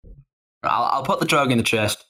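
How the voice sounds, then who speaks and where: A man's voice: mid-range voice, normal speed, sharp tone. A man playing a tabletop game, talking in character in a loose, hesitant way with many "uh"s and the odd swear. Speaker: player. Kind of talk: in-character tabletop role-play.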